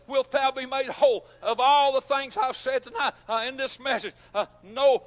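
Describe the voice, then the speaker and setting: A man preaching a fervent sermon as pastor, full of "uh" fillers and sudden shouted bursts. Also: very high-pitched. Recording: long hall reverb.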